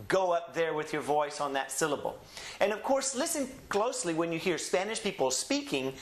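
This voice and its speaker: A man's voice: on the high side, fairly bright tone. Spanish teacher, a man in an echoey room. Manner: slow, drawn-out model pronunciations for students to repeat. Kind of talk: language lesson.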